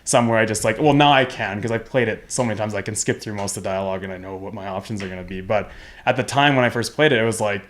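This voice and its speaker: A man's voice: fairly low pitch, racing, slight background noise. Young guy co-hosting a gaming podcast, kinda rambly, keeps restarting his sentences. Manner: rambling, self-correcting. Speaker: podcast co-host. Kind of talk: casual chat.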